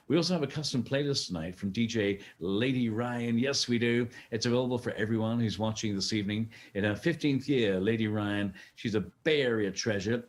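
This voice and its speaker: Low-voiced man hosting a fundraising gala. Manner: chatty, jokey, urging viewers to donate. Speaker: co-host of a virtual fundraising gala. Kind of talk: scripted event hosting with playful banter.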